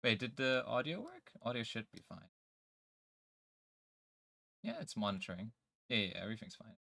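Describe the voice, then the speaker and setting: A man's voice: lowish voice, very animated, moderate pace, creaky, bright, forceful tone, dry recording, studio quality. A man chatting casually on a live stream, laughing easily and checking his setup aloud.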